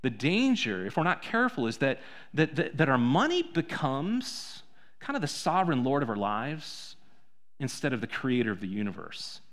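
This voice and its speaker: Bright-voiced preacher asking rhetorical questions. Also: male voice, medium pitch, big pitch swings, moderate pace. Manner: conversational preaching with rhetorical questions, swinging from soft to loud. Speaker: pastor. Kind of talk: sermon.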